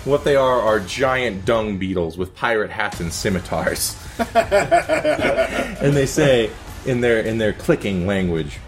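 A man's voice: lowish voice, lively intonation, normal speed, few pauses, faint music behind. A man narrating a tabletop game as game master, playful and vivid.

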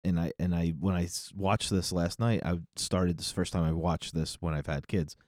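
A man's voice: low voice, fairly even intonation, normal speed, a little mellow, no room sound, clean studio sound. A middle-aged man co-hosting a podcast in casual chat, rambling and correcting himself, often laughing. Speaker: podcast co-host.

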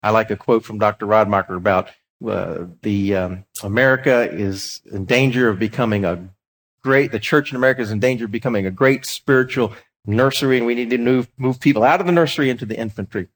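A man's voice: lowish voice, fast. A middle-aged man, a pastor, giving an earnest, conversational teaching talk on evangelism, with fillers and restarts.

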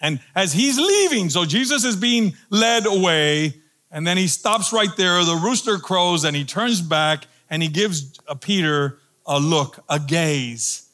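A man's voice: high voice, animated, measured pace, pushed and bright. A middle-aged male pastor preaching a sermon, building emphasis through repeated phrases and calling on the congregation to repeat lines. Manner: preaching with rising emphatic repetition and audience call-and-response.

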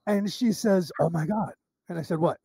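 Being interviewed as a psychic medium, a middle-aged man tells stories casually, acting out dialogue and frequently restarting his sentences. His high-pitched voice has vocal fry and a breathy edge, at a moderate pace with no echo.

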